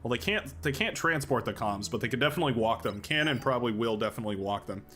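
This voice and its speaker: A chatty man livestreaming a strategy game, thinking out loud and getting excited as things happen. His voice is bright and forceful. Faint music plays quietly underneath. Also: mid-range voice, fast talker. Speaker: streamer playing a strategy game. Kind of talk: live game-stream commentary.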